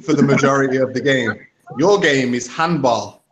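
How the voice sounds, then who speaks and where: A man's voice: mid-range voice, moderate pace, fairly bright tone, a little hiss or hum. A man in a casual group chat, teasing the others and laughing.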